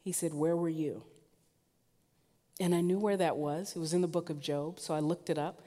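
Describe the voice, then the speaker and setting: A woman preaching a sermon, telling stories with lively, rising emphasis. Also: fast. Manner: lively storytelling, rising in pitch and force when emphatic. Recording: long hall reverb.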